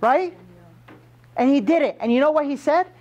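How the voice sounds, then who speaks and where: A man's voice: extremely high pitch, lively intonation, normal speed, a little mellow, highs cut off. A man coaching a room of salespeople, emphatic and punchy, firing questions at his audience. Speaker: sales trainer. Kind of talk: motivational sales training talk.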